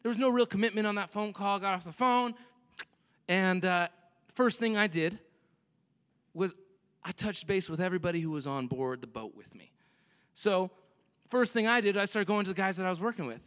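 A young man preaches in a loose, conversational way, acting out little scenes as he goes. His voice sits high and sounds bright and forward. Long reverb trails behind him from the big church hall. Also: normal speed, pauses often, clear, resonant tone. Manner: animated, chatty preaching with jokes and acted-out quotes. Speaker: pastor. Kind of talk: sermon. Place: church sanctuary.

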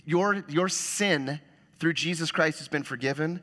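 A man preaching a sermon as pastor, swinging between loud exclamations and soft, hushed lines. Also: a little high, unhurried. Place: church sanctuary.

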